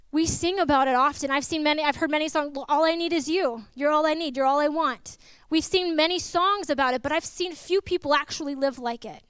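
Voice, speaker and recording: Young woman preacher with a high voice, dry close-miked sound, lively and personal. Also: dry recording. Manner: lively and personal, tells stories with laughs and asides. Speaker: guest preacher. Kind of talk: sermon.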